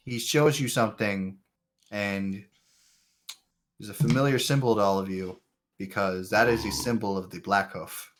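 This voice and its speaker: A man's voice: lowish voice, steady tone, moderate pace, pauses often, a little hiss or hum. A man serving as game master for a tabletop game, narrating what a character does. He giggles a lot and trips over his sentences, starting them over again and again. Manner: giggly, restarting often.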